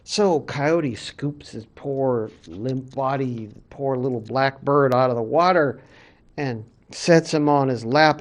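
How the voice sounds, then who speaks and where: A man, a college professor, casually retelling a creation story in a lecture, animated and full of fillers. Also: a little high.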